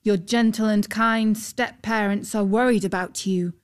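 A man's voice: high-pitched, steady tone, a little slow, clear, resonant tone. A woman reading a courtly young knight. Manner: formal, courtly.

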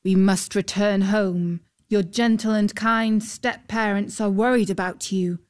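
A woman's voice: medium pitch, steady tone, measured pace, natural voice. A woman voicing an earnest young male knight in a storybook reading, with formal old-fashioned speech.

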